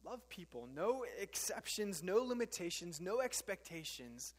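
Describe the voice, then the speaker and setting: A man voicing God as a gentle, patient father, soft and reassuring. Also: high voice, big pitch swings, unhurried, long reverb tail, heavily acted.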